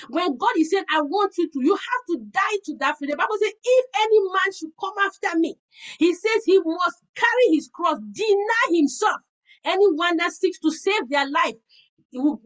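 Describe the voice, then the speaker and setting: A woman preaching to a women's fellowship, telling earnest personal stories in an animated way and often repeating words. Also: very high voice, rough recording.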